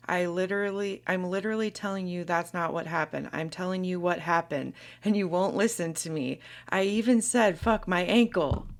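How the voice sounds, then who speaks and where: A woman's voice: fairly low pitch, moderate pace, hardly any pauses, lightly acted. A woman reading aloud a young woman's text messages as she defends herself in an argument, with little acting. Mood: defensive.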